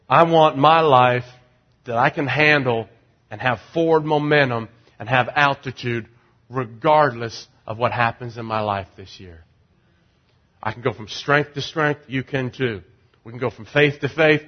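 A middle-aged male pastor preaching a sermon, animated, moving between quiet conversational asides and loud, rising declarations. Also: mid-range voice, muffled recording.

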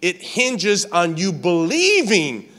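Man, pastor, high voice, impassioned sermon, repeats phrases, shouts at peaks. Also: huge pitch swings, takes it slowly. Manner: impassioned, repetitive preaching with rising shouts.

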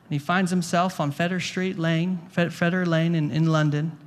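Speaking at a moderate pace, a man with a slightly high voice and little pitch variation preaches a sermon before a congregation in a church hall. He uses a conversational approach, repeating words and questioning the listeners.

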